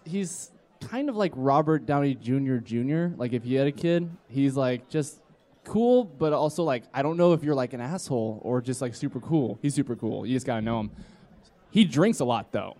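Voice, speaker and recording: On stage at a live comedy podcast, a man in his twenties with a dark, medium-pitched voice recounts a drunken story at a moderate pace with lively intonation. He rambles and acts out his friends' voices while the audience laughs.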